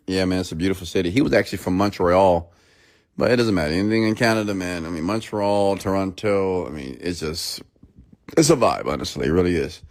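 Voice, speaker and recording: A man's voice: low voice, fairly quick. A man in his thirties giving a motivational talk, telling a personal story and acting out the people in it. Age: 30s. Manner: animated, acts out both sides of a story. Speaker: motivational speaker.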